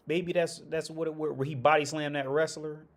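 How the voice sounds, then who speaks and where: A man's voice: on the high side, little pitch movement, a little fast. A man hosting a casual livestream chat, rambling and profane, with lots of restarts and frequent laughter. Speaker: livestream host.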